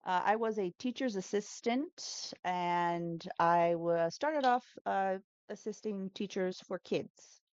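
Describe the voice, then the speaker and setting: A woman's voice: mid-range voice, takes it slowly, few pauses, a little mellow, clear, resonant tone, no echo, highs cut off. A woman who teaches English pronunciation, chatting as an interview guest with lots of fillers and self-corrections. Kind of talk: casual interview answers.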